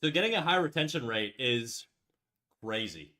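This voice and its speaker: A man's voice: medium pitch, lively intonation, moderate pace, pushed and bright. A male livestreamer chatting casually with his viewers while he draws. He rambles through tangents with constant filler words and casual swearing, in a mid-range voice, and stops now and then to read out chat messages and answer them. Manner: rambling, lots of "like" and restarts, swears. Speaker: livestream host.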